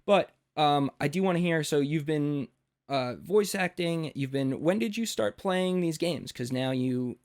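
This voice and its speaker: An American man hosting a podcast interview, animated and rambling, with lots of fillers. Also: on the high side, unhurried. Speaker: podcast host.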